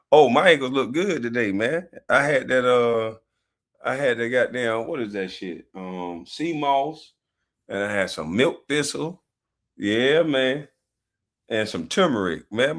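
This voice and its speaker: Guy hosting a livestream, loose joking banter, pitch all over the place. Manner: loose, animated, profane banter. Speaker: livestream host. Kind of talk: casual livestream chat.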